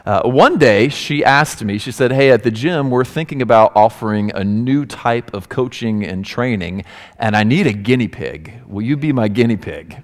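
A man's voice: mid-range voice, animated, moderate pace. Man preaching in a reverberant hall. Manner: storytelling, acting out quoted voices. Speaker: pastor. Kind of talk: sermon with personal stories.

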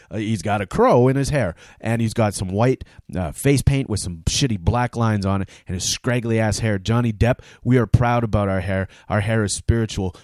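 A man's voice: lowish voice, a little mellow, no echo, clean studio sound. A man from Canada hosting his own podcast, delivering a sarcastic, heated comic rant. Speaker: podcast host.

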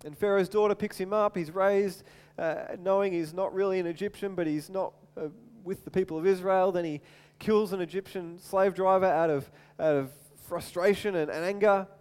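A man preaching a sermon as animated storytelling, acting out voices and often repeating words, in a large hall with long reverb. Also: high voice, normal speed, hardly any pauses, clear, resonant tone.

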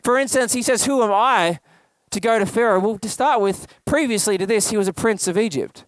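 A man's voice: high-pitched, a little fast, no room sound. A man preaching a sermon in a conversational way, asking the congregation questions. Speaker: pastor.

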